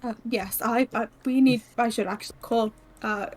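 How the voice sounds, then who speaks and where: A woman with a fairly high voice plays her character in a tabletop game. She speaks hesitantly and politely, stopping often to say uh. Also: fairly even intonation, normal speed. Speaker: player.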